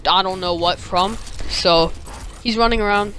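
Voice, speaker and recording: A man's voice: high-pitched, moderate pace, pushed and bright, a little hiss or hum, poor audio. A man with a slight lisp from a retainer, telling a story casually over gameplay in a rambling way, with many fillers and casual swearing. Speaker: gaming video creator.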